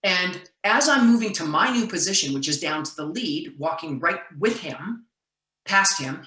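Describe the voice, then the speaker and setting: Woman referee, animated storyteller, bright voice, echoey room. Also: fairly low pitch, normal speed. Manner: animated storyteller, acts out quotes loudly. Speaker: basketball referee and session speaker. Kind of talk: storytelling talk on a video call.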